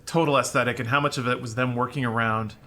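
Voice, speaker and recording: Co-host man, fast and bright, wry musing. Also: medium pitch, fairly even intonation. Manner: musing, dry wit. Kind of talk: casual chat.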